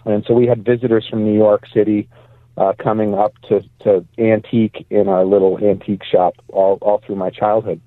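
A male guest pastor calls in from a parked car over a tinny phone line, his lowish voice flat in delivery at normal speed with no echo. He tells chatty stories casually and laughs easily.

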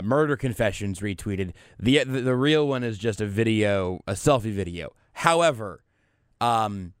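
Male talk radio host, wry deadpan delivery, smooth resonant voice, dry studio mic. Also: medium pitch, no room sound. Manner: wry, deadpan riffing with frequent restarts. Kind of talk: casual talk-radio banter. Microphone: studio microphone.

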